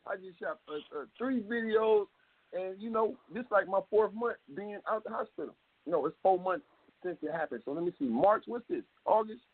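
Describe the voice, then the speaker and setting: A man guest telling his story in an animated way, full of street slang and swearing, heard on a tinny phone line. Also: high voice, moderate pace, slightly rough, no room sound. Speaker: rapper guest. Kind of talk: phone interview.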